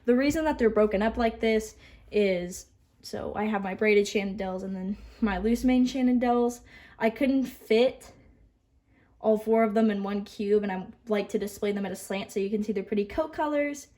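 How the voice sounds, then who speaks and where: A young woman giving a casual tour of her model horse collection, chatty and upbeat, with occasional stutters and restarts and asides that trail off softly. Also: medium pitch, normal speed.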